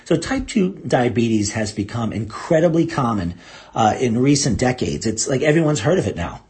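A man hosting a health radio show as a doctor, talking listeners through the topic in an animated way. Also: moderate pace. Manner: animated, mock-quotes listeners in a higher voice. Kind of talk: health talk radio monologue.

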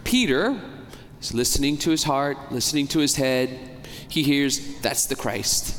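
A man preaching a homily as a priest, talking in a conversational way, asking the congregation questions and slowing down to stress key words. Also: on the high side, animated, a bit bright, slight background noise. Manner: slows down and stretches key words for emphasis. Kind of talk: sermon. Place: church. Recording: long church reverb, faint ambience.

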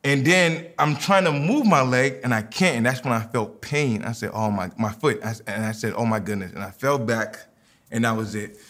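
A man's voice: mid-range voice, moderate pace, a bit bright. Preaching man. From New York. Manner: preaching, repeats phrases, storytelling with quoted dialogue. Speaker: pastor. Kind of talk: sermon and personal story.

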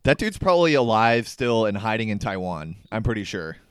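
A man's voice: lowish voice, a little fast, smooth, no echo. Laughing young man with a dry, close sound. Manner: animated, laughs a lot, frequent swearing. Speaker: podcast co-host. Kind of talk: casual comedic chat.

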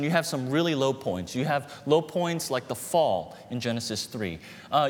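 A man in his thirties preaching a sermon, telling personal stories with lively rises and quiet drops. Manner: storytelling, animated with dips to quiet. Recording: reverberant hall with faint rumble.

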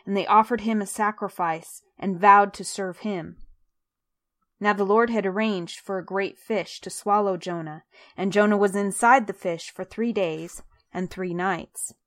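Woman Bible reader, mid-pitched, measured and clear scripted narration.

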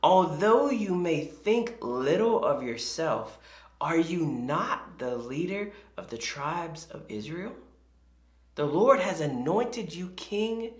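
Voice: mid-range voice, expressive, slow pace, reverberant. A preacher voicing a stern male prophet who rebukes a king with firm, pressing questions. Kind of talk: acted scripture quote in a sermon.

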